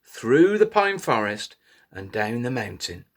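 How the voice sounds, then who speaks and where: A man telling a children's story in an animated way, inviting little listeners to join in. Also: mid-range voice, a little slow. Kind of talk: interactive children's story reading.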